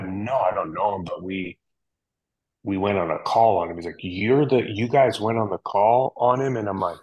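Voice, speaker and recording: A man's voice: low-pitched, rough recording. A man, a firefighter guest on a podcast, telling a story casually with lots of fillers and acted-out quotes. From United States. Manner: relaxed, animated retelling with many fillers and quoted dialogue.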